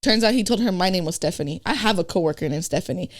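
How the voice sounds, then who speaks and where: A woman with a fairly low-pitched voice speaks fast as a podcast guest, telling a blunt, profane story in casual conversation. She animatedly acts out who said what.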